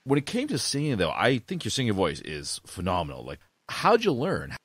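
A man's voice: fairly low pitch, normal speed, no room sound, clean studio sound. A man interviewing a guest in an enthusiastic, casual way. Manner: enthusiastic, lively, praising.

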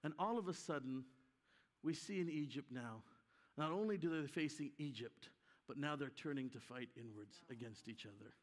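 A man's voice: mid-range voice, moderate pace. A man preaching a conference sermon with emphasis, acting out the voices of people in his story. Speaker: guest preacher. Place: church hall. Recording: live hall with long reverb.

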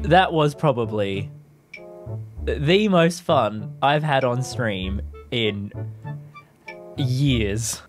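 Excitable man streaming a game. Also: medium pitch. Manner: excitable, laughs often, cheers on the game. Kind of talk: live gameplay commentary. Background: game music.

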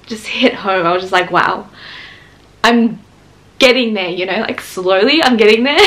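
A woman in her twenties chatting excitedly in a casual home vlog, laughing often and filming on a handheld camera. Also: medium pitch, normal speed. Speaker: vlogger. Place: at home, indoors.

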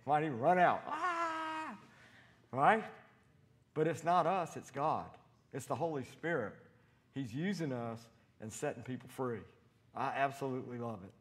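Animated male preacher telling stories. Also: mid-range voice, normal speed, long pauses. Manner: animated, acts out quotes with loud shouted voices. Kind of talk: sermon with storytelling. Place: church.

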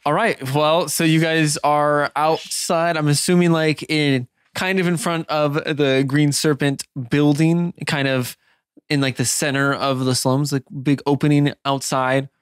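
Male game master, fairly high voice, dry close mic, laid-back and hesitant. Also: level tone, unhurried, clean tone, no echo. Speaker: dungeon master. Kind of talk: narrating a tabletop game.

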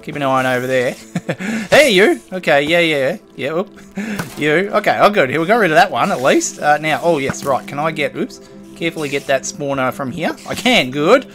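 A man's voice: fairly high pitch, expressive, normal speed, fairly bright tone, faint music behind. A man giving casual, playful commentary over his own gameplay, chatting to the creatures on screen. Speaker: gaming video host.

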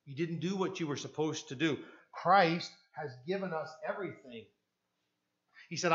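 A man preaching a sermon as pastor with a Canadian English accent, moving from hushed tones to loud emphatic passages and acting out the voices in his stories. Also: fairly high pitch, moderate pace, lo-fi sound.

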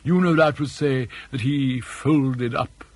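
A man's voice: medium pitch, darkish tone, breathy edge, no room sound. A man voicing an elderly English father who is dry, mischievous and mock-courteous, with an arch, ironic manner. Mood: teasing. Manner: arch, ironic, drawn-out emphasis.

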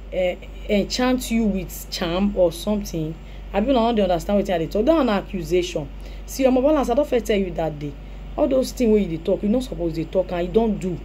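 A woman's voice: mid-range voice, warm tone, a little hiss or hum. A Nigerian woman commenting on a clip in Pidgin, scolding and advising the man she talks about. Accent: Nigerian Pidgin English.

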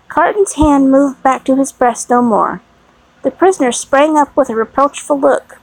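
A woman narrating a classic novel in a measured, even reading style with a slightly gravelly voice. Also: on the high side, dry recording, rough recording. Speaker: audiobook narrator.

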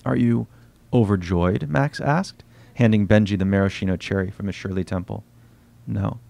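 A man reading aloud from his own novel at a bookstore event, quiet and unhurried, voicing the dialogue softly. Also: fairly low pitch, gravelly.

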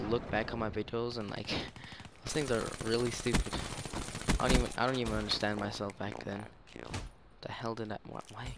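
A young man giving casual, rambling gameplay commentary as a gaming YouTuber, self-mocking and full of fillers. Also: fairly low pitch. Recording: game audio noise behind voice. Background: gunfire from the game.

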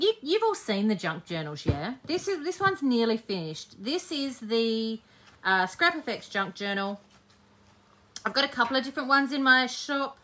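A woman's voice: fairly high pitch, bright, forceful tone. A woman hosting a live-streamed crafting demo, chatting cheekily with her viewers as she works. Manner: chatty, cheeky, talks while working. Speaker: scrapbooking host.

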